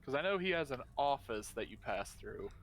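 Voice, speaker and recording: A man's voice: mid-range voice, big pitch swings, fairly quick, fairly bright tone. A man playing a tabletop game with friends, chatty and laughing often. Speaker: player. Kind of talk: casual tabletop game chat.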